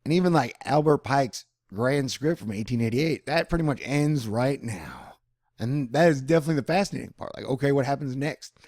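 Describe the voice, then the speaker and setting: A man talking in a rambling personal monologue, animated and drifting between topics, now and then slipping into mock voices. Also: medium pitch, a little fast, no room sound, studio quality. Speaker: vlogger.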